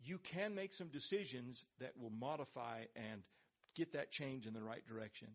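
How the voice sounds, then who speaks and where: A man preaching a sermon, pressing hard on key words and slowing down to let them land, then dropping his voice low. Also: muffled recording. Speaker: pastor.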